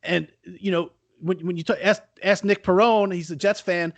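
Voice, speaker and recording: A man co-hosting a casual sports podcast, talking in a lively way full of rhetorical questions. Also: high-pitched, moderate pace, no room sound. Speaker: podcast co-host.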